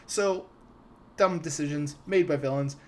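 A man's voice: a little high, unhurried, a little hiss or hum. A young man hosting a podcast, ranting casually about a film, swearing freely and tripping over his words. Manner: animated, ranting, swears freely, stumbling restarts. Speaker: podcast host. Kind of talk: casual ranting movie talk.

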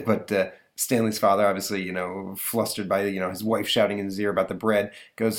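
A man's voice: fairly low pitch, level tone, fairly quick, few pauses. A man hosting a podcast, retelling a comic strip in rambling casual chat with fillers and chuckles. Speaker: podcast host.

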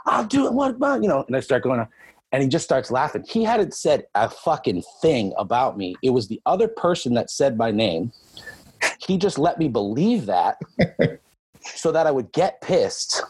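A man, a powerlifter, telling animated stories about training in casual podcast chat, with lots of swearing. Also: lowish voice, husky, no room sound. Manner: animated storyteller, heavy swearing, acts out his own shouting.

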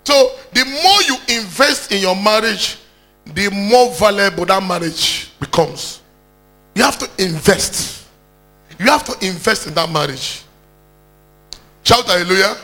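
A man's voice: sits high, animated, a little slow, pauses often, bright, forceful tone, soft background music. A Nigerian man preaching a sermon, exhorting the congregation and calling out for hallelujahs.

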